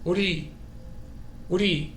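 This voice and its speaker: A man streaming his own language study, excitable and thinking aloud as he goes. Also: high-pitched, a little fast, vocal fry, roomy sound, a little hiss or hum. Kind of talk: casual self-study stream.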